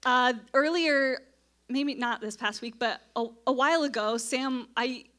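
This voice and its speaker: A young woman chatting casually with friends, telling an animated story and laughing often. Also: high voice, unhurried. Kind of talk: casual chat.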